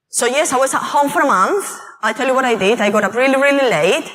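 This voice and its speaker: A woman giving a conference talk on mental health, telling personal stories in an animated way and acting out quoted voices. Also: medium pitch, low-quality recording. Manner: lively, animated storytelling with acted-out quotes. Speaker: conference speaker. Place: conference hall.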